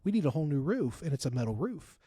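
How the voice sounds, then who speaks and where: Animated, storytelling man. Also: a little high, fast, husky. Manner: animated storyteller, laughs loudly, repeats for emphasis. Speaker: author and guest. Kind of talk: casual political chat.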